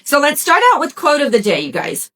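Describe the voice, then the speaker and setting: A middle-aged woman with a slightly raised pitch speaks as a podcast host. She gives a motivational self-help talk in a warm-hearted, conversational way, addressing listeners directly and often asking "right?". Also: big pitch swings, fairly quick. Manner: encouraging and conversational, talks straight to listeners; folksy, with frequent "y'all" and "right?".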